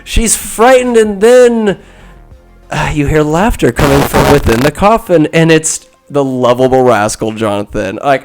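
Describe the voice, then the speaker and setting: A man hosting a podcast, recapping a film in a rambling, casual way with crude asides and quick quoted voices. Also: on the high side, soft background music. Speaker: podcast host. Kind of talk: comedic movie recap.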